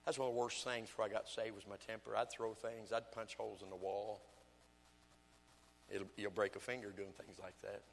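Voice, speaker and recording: A man's voice: lowish voice, flat delivery, normal speed, creaky, in a large hall, a little hiss or hum. An older man, an evangelist, preaching a folksy sermon full of home stories and asides. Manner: folksy storytelling, acts out his wife's lines. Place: church sanctuary.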